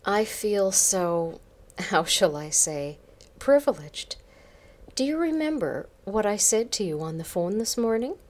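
A woman reading the lines of an arrogant, domineering male boss in a slow, taunting, commanding way, in her own low voice. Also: sing-song. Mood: smug, taunting.

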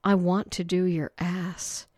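A woman's voice: on the low side, level tone, slow, a little mellow, no echo, studio quality. A woman reading as a playful eager young woman.

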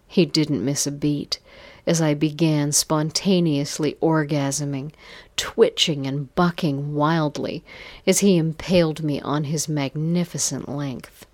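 A woman narrating a scripted erotic story in a breathy, drawn-out delivery that slips into whispers. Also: low voice, steady tone, darkish tone, dry recording.

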